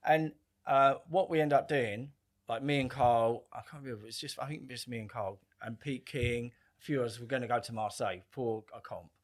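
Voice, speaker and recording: A man's voice: medium pitch, a little fast. Man telling stories, swearing. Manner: animated, swears freely, acts out quoted lines. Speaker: podcast guest. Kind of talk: casual storytelling.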